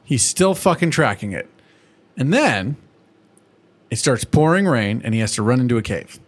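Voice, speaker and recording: A man's voice: medium pitch, very animated, moderate pace. A man with a young son, co-hosting a podcast and retelling a cartoon episode in loose, profane casual chat. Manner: profane, loose storytelling with acted-out quotes. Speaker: podcast co-host.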